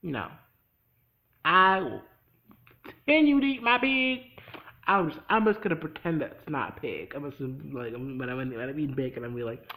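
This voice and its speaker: Talking straight to the viewer with plenty of energy, a vlogger casually recaps a TV episode in a mid-range voice at normal speed. The recording is rough.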